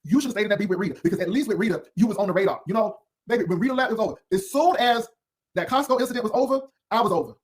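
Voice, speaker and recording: A man with a notably high voice rattles off sassy, cutting commentary at a breakneck clip. He rambles from one put-down to the next as he hosts his own video. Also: very fast. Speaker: YouTube commentary host. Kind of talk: unscripted drama commentary.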